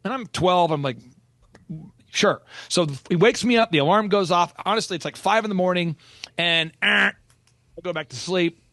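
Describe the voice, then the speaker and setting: A man's voice: sits high, moderate pace, bright, forceful tone, no echo. A middle-aged man from Oklahoma, a podcast host telling a personal story with energy and acting out the people he quotes. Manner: storytelling, acts out quoted voices. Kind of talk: animated storytelling in a podcast chat.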